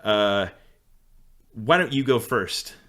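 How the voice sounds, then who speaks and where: A man's voice: on the low side, animated, slow, pushed and bright. A man in his forties, co-hosting a podcast in casual chat and explaining things in a storytelling way. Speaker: podcast co-host.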